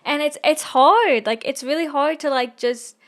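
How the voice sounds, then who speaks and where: A woman's voice: high voice, moderate pace. A young adult woman co-hosting a podcast in casual chat, talking with many fillers and frequent laughs. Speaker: podcast co-host.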